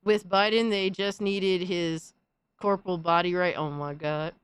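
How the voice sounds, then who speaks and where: A woman hosting a stream, chatting casually and reacting with excitable, profane trash talk. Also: on the low side, a little slow, clean tone, dry recording. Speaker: streamer host.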